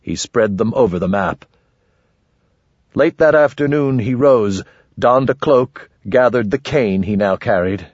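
Low, husky male audiobook narrator. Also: a little mellow, no room sound. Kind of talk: scripted fantasy narration. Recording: dull lo-fi audiobook recording, dry.

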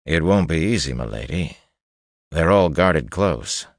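A man's voice: extremely low pitch, lively intonation, unhurried, no echo, studio quality, full character voice. A man reading a growling hardened killer. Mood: gruff, wary. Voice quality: gruff, growling. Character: menacing hardened male killer, gruff and wary.

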